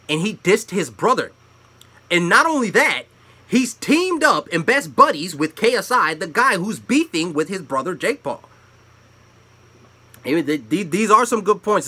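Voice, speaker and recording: Running his own commentary channel, this young man rants with plenty of profanity in a slightly rough voice. He alternates between loud eruptions and quieter, low asides.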